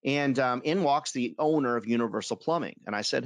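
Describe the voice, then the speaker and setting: A man's voice: mid-range voice, a little fast, no echo. Storytelling man with a dry close sound. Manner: storytelling, animated, self-amused. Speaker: advertising sales trainer. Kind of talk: webinar talk.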